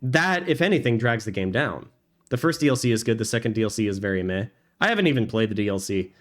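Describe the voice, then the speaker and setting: A man's voice: on the low side, big pitch swings, fast. Rambling, chatty male game streamer. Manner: rambling, enthusiastic, with many fillers and restarts. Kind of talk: casual chat while gaming.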